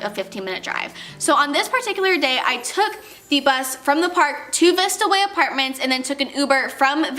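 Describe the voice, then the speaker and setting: A young woman from California tells a story in a high, bright voice full of quick exclamations. Her delivery is lively and expressive, with soft music playing behind her. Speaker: vlogger. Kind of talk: storytelling vlog.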